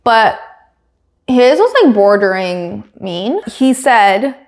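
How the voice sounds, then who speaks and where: A woman hosting a podcast, chatting casually. Her voice sits at a middle pitch, and she talks in a chatty, easygoing way. She breaks into light laughter often and drops quick asides as she goes. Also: animated. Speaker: podcast host. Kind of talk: casual chat.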